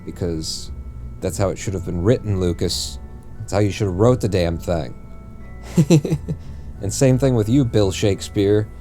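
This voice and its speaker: Low, dark-voiced man rambling on stream. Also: a little slow, pauses often, faint music behind. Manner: rambling, jokey, often corrects himself mid-sentence. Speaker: game streamer. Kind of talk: casual live-stream chat while playing.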